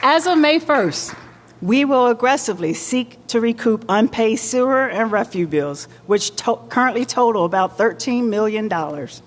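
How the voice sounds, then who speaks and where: A woman mayor giving a formal public address with deliberate, emphatic oratory in a large indoor market hall. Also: on the high side, animated, a little hiss or hum. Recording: long reverb of a large hall.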